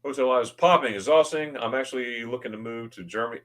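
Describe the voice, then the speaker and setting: A man hosting a casual livestream, greeting viewers by name and reading their comments, excitable and often stammering as he restarts his words. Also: medium pitch, quick pace, hardly any pauses. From United States. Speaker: livestream host.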